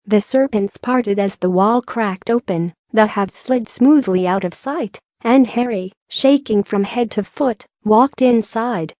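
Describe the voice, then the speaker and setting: A woman reading an audiobook in measured, even storytelling narration. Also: medium pitch, dry recording, studio quality. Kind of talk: scripted narration.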